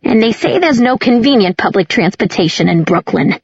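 A flamboyant older witch who exclaims and teases with big, swooping pitch, as a woman narrator puts her on. Her voice is husky. The recording is dry and a little dull. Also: lively intonation, fairly quick, no echo. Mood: effusive. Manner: exclamatory, booming and teasing. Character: warm, effusive older witch woman, large and theatrical.

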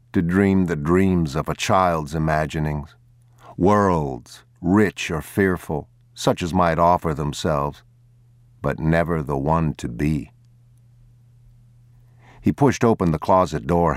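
A man reading a novel aloud in a grave, measured audiobook narration. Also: sits low, dry recording, clean studio sound.

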